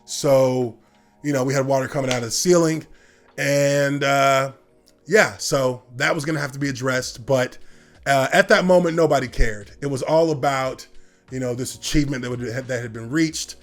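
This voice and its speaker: A man in his thirties telling a personal story in casual talk, relaxed and rambling with lots of fillers. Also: medium pitch, moderate pace, soft background music. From United States. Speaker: former football player telling his story.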